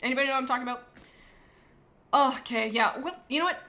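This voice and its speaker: A woman's voice: high-pitched, quick pace, pushed and bright. A woman streamer chatting casually to her live viewers, rambling and joking as she goes.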